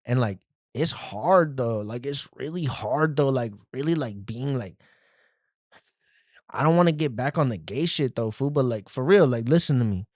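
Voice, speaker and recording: A man's voice: mid-range voice, darkish tone, no room sound, lightly acted. A podcast host voicing a vulnerable young street dude who drawls slang and ends his phrases with 'fool' or 'dog', recorded on a phone in a dry room. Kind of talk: comedic podcast bit.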